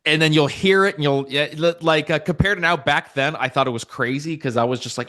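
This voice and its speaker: A man hosting a podcast in casual interview chat, with a full radio-style voice and a loud, projecting way of talking. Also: a little high, brisk. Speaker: podcast host.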